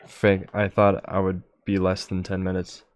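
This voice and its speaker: A young man hosting a solo podcast, talking in a monotone and rambling with many fillers into a close microphone. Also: low-pitched, normal speed, smooth, dry recording. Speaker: podcast host.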